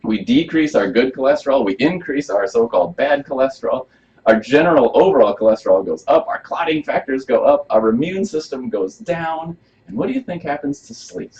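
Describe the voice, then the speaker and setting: Animated and a bit quick, with a medium pitch and darkish tone, a chiropractor hosts a health workshop for a small live audience. He talks casually and asks the crowd questions, captured in a dull lo-fi recording.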